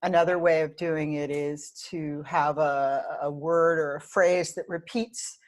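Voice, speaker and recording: Low-voiced woman chatting casually. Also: fairly even intonation, unhurried. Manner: chatty, self-deprecating, laughs often. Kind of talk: casual webinar chat.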